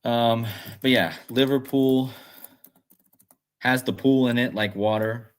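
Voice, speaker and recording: Brief: male livestream host, casual and rambling, thinks out loud and reacts to chat, mid-pitched everyday voice. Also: steady tone, takes it slowly, clear, resonant tone. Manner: rambling, musing aloud, reads chat comments.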